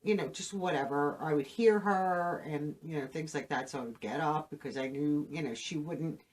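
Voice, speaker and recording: Speaking to camera on her own channel, a middle-aged host haltingly shares a personal story, saddened and emotional, leaning on fillers throughout, in a deep, slightly mellow voice.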